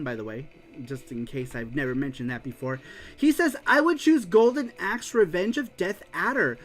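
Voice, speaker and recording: A man hosting a casual livestream show, excitedly reading viewer comments aloud and laughing often. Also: sits high. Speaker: show host.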